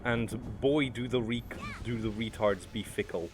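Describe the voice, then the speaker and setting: Low-voiced streamer joking around. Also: male voice, steady tone, a little slow, noisy background. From France. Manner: joking, rambling, answers chat. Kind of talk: casual gameplay commentary.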